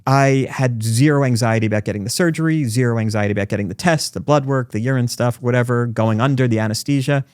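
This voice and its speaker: Brief: man in his 40s, podcast guest, rapid-fire anecdotes, dry close mic. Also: mid-range voice, clean tone, no room sound. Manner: fast, animated storytelling. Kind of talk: podcast conversation. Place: recording studio.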